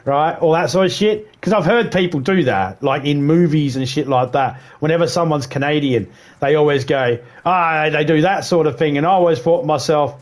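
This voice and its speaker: Australian male streamer, slightly high voice, rambling and profane, casual chat with viewers. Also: normal speed. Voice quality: swears freely, rambling, mimics accents. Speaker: livestreamer chatting with viewers.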